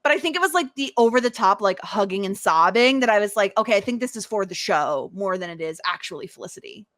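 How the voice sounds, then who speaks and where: A woman hosting a podcast, chatting casually about a TV episode, animated and laughing often as she acts out lines. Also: medium pitch, quick pace, no echo, studio quality. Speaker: podcast host. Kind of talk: casual chat recapping a TV episode.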